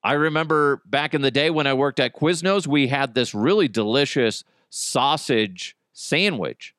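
A podcast host rants about weird news items in a profane, joking, animated way, making for casual comedic commentary. His mid-range voice moves at a measured pace, recorded dry at studio quality.

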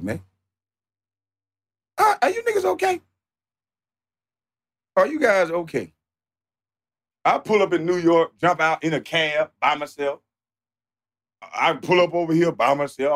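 A man streaming live, ranting off the cuff in a profane, mocking, animated way that sometimes turns to shouting. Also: fairly high pitch. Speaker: livestreamer. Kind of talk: off-the-cuff livestream rant.

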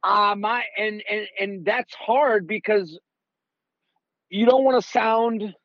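A man's voice: high-pitched, slow, dry recording, highs cut off. A man chatting casually on a remote call, telling rambling family stories with lots of "like"s and quoted lines. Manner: animated storyteller, rambling with many "like"s. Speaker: guest comedian. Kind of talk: casual chat.

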